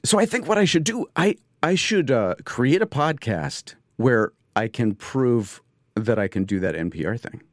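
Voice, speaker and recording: A man hosting a podcast, talking in an excitable, rambling comedic monologue from his studio. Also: mid-range voice, measured pace, no room sound. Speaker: podcast host. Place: home studio.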